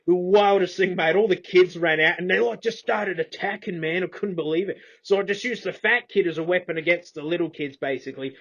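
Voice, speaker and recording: A man's voice: high voice, fairly quick, hardly any pauses, fairly bright tone. An Australian man rambling through a comic monologue in slangy, casual speech. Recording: slightly dull, muffled recording.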